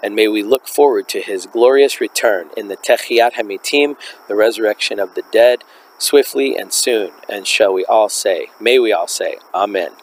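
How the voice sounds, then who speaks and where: A man's voice: fairly low pitch, moderate pace, rough recording. A man hosting a religious teaching podcast, musing aloud, correcting himself and reading passages to listeners. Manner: musing and self-correcting while teaching, reads quoted text aloud.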